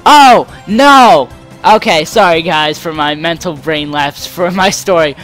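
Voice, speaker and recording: A man's voice: fairly high pitch, moderate pace, faint music behind. Rambling young man telling stories. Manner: rambling, animated, acts out the people in his stories. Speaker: let's play host. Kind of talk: casual storytelling over gameplay.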